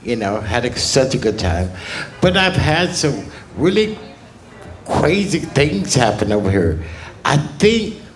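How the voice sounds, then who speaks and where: A male stand-up comedian telling crude stories in a slow, laid-back way on a club stage. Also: mid-range voice, very animated.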